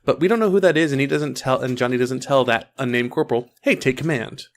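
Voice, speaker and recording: A man's voice: mid-range voice, fast. A young adult man co-hosting a podcast, chatting casually and rambling a bit. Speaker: podcast co-host. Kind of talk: casual chat.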